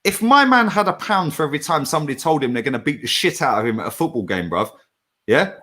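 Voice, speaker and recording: Brash middle-aged bloke, lively swings in pitch, sweary street slang, casual chat. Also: male voice, fast talker.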